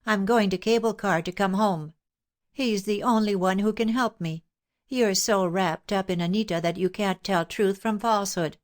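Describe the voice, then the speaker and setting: Proud young woman, defiant, clipped and cold, raised pitch for the part, read by a woman narrator, audiobook. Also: fairly even intonation, normal speed, natural voice. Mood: indignant.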